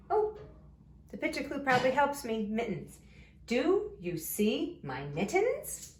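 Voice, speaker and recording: A woman leads a reading lesson for small children, slow and deliberate, pulling her voice up sharply at the end of each question. Her voice carries a roomy echo, with faint noise behind it. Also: medium pitch. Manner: slow, sing-song, exaggerated question intonation. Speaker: elementary school teacher. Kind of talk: remote phonics lesson for young children.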